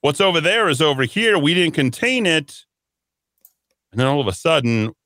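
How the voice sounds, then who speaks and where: A man's voice: fairly high pitch, sing-song, moderate pace, a bit bright, dry recording, studio quality. A man hosting a political talk radio show, delivering an emphatic, sarcastic monologue.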